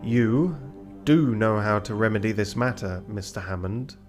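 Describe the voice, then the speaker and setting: A man voicing a calm, measured male ship officer who speaks slowly and softly. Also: lowish voice, faint music behind, close to an everyday voice.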